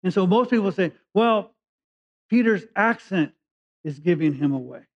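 A man from California preaches a conversational sermon, reading verses and then unpacking them in plain words. His voice sits a little high, and he leans on key words as he goes. The recording is dull and lo-fi. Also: expressive, normal speed. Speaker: pastor. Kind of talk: sermon, Bible teaching.

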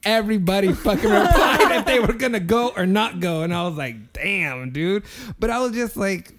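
A man's voice: high voice, a little fast. A man co-hosting a casual podcast, telling a workplace story with lots of swearing and acted-out quotes. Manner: animated, swearing, acts out quotes. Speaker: podcast co-host.

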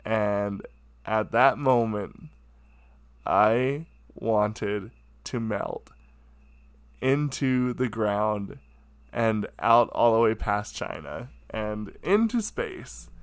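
A man's voice: on the low side, lively intonation, drawn-out words, clear, resonant tone, no echo. A man telling a casual, self-mocking anecdote from his room at home, chatty and full of fillers. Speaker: storyteller.

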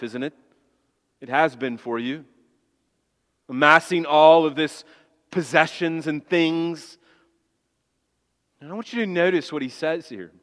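A man preaching a sermon as pastor, emphatic, swinging between hushed low passages and loud high appeals. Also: long reverb tail.

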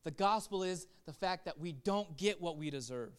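A pastor delivers an impassioned sermon in a high, clear male voice. He moves between quiet, reflective stretches and loud, urgent calls to his listeners. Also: lively intonation, normal speed. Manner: impassioned preaching that swings from soft reflection to loud exhortation.

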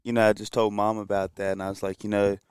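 A young man, talking in a quick, offhand way. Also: fairly low pitch, clean tone, no echo, clean studio sound. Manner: quick, flat, offhand talk.

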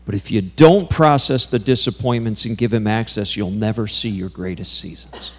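A man's voice: on the low side, normal speed. An earnest man preaching, recounting a personal story from the pulpit. His delivery climbs to intense, emphatic peaks. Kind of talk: sermon storytelling.

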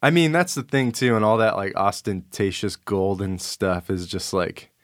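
Deep-voiced wry rambling man. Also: normal speed, no room sound, studio quality. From Arizona. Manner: rambling, wry, many restarts and fillers. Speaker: guest, cartoon creator. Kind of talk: casual podcast chat.

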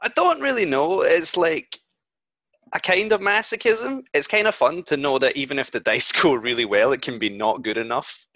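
A man's voice: fairly high pitch, lively intonation, moderate pace, a bit bright, no room sound, dull audio. A man with a Scottish accent, a guest on a podcast, talking casually with dry, self-deprecating humour and laughing as he talks.

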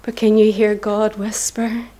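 A woman's voice: mid-range voice, level tone, measured pace, mellow. A middle-aged woman with a Northern Irish accent gives an earnest, impassioned church testimony, sometimes dropping into a whisper. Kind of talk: preaching testimony.

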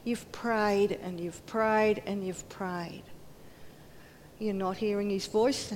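A woman's voice: steady tone, takes it slowly, darkish tone. A woman giving a sermon in earnest tones, acting out quoted voices and dropping to near whispers. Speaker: preacher. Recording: hall reverb, faint rumble.

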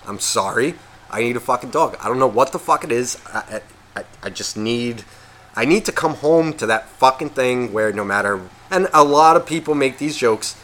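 Bright-voiced man ranting profanely. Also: medium pitch. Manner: profane, animated, acts out imagined voices. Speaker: podcast co-host. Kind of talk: casual profane rant.

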